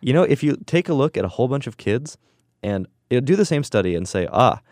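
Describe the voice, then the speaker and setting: A man's voice: mid-range voice, sing-song, quick pace, darkish tone, no echo, clean studio sound. A young man co-hosting a casual discussion, rambling and musing, often laughing. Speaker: podcast co-host.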